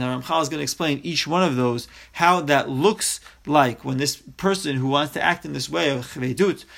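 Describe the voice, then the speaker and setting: A man's voice: on the high side, gravelly, a bit bright. A man teaching a Torah text study class, reading Hebrew phrases aloud and then explaining each one in English.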